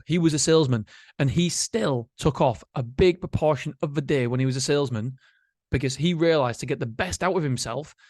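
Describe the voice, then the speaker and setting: A man hosting a solo motivational podcast, chatty and animated, swearing casually. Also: mid-range voice, dry recording, clean studio sound. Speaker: podcast host.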